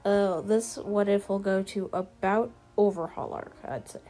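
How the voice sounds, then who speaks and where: A woman's voice: mid-range voice, measured pace, dark tone, faint music behind. A woman casually telling a fan story as a video narrator, rambling with fillers and restarts.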